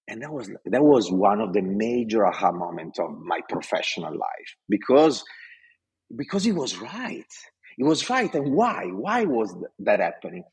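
A man's voice: on the low side, sing-song, normal speed, a little mellow, slightly rough. A man from Italy with an Italian accent, telling a story about his career with passion and acting out the dialogue. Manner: passionate, acts out quoted dialogue. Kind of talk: animated storytelling.

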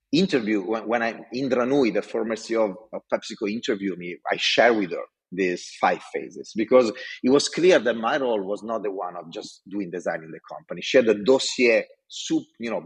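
Middle-aged man, husky and fairly low, passionate storyteller. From Italy. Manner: passionate, animated. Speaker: design executive speaker. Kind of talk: storytelling talk.

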